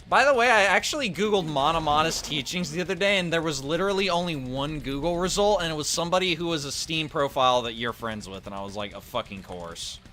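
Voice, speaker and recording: A man casually commenting while he plays an old-school shooter, swearing freely and talking to his chat between fights. His voice sits at an ordinary middle pitch for a man. Faint drum-and-guitar game music plays quietly under him. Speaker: gaming streamer.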